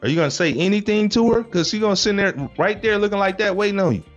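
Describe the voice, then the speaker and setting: Animated slangy male live-stream host. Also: high voice, fast talker, dull audio, soft background music. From United States. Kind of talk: casual live-stream chat.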